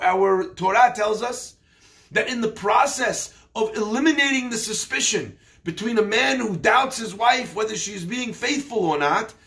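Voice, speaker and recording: A man giving a sermon as a story, with lively storytelling that acts out the voices of the people in it. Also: sits high.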